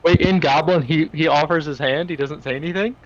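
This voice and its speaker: A man playing a tabletop game, describing his actions haltingly with many fillers. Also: on the high side, muffled recording, a little hiss or hum. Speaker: player. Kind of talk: casual tabletop play.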